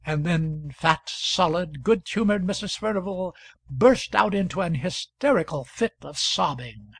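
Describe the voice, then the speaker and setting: A man reading a classic novel aloud in a measured, even narration. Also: sits high, husky, no room sound. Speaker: audiobook reader.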